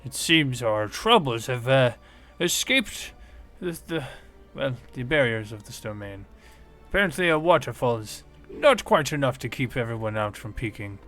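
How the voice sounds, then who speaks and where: A man's voice: mid-range voice, animated, moderate pace, fairly bright tone, faint music behind, natural voice. A man voicing an older man gnome scientist with a bushy mustache, speaking in a startled, musing way.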